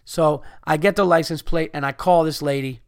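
A man's voice: on the high side, fairly even intonation, moderate pace, clean tone, no echo, studio quality. A man in his thirties telling a heated, profane story as a podcast host, ranting and swearing. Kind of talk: angry storytelling rant.

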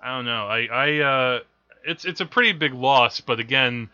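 Guy rambling about movies on a podcast, super bright voice, dull lo-fi sound. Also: mid-range voice, moderate pace. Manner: rambling, self-correcting, laughs at his own stories. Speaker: film podcast co-host. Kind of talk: casual chat about films.

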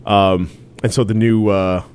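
Lowish man chatting casually. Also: steady tone, unhurried, a little mellow, a little hiss or hum. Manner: chatty, stumbles and restarts, laughs often. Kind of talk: casual chat about wrestling.

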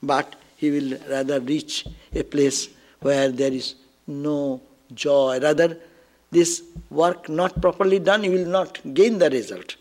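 A man with a somewhat high voice teaches a scripture story as a spiritual discourse. He stays animated and chuckles now and then. He stops often to make a point or to ask the listeners a rhetorical question. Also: takes it slowly. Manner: explains step by step with frequent rhetorical asides.

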